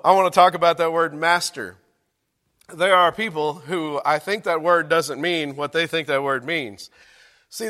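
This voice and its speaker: A man preaches a sermon in a church sanctuary. He keeps it conversational, dropping joking asides to his congregation. His voice sits a little high, and it rings out with the long reverb of the hall. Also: a bit bright. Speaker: pastor.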